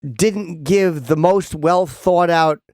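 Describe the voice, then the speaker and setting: A man's voice: fairly high pitch, takes it slowly, darkish tone, dry recording. A male radio host in casual studio banter, rambling through stammered restarts and swearing freely.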